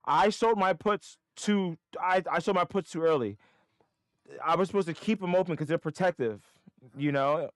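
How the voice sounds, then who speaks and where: A man's voice: sits high, moderate pace, no room sound, clean studio sound. A man streaming live market trades, muttering to himself and breaking into frustrated, swearing outbursts. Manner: self-critical, talking to himself.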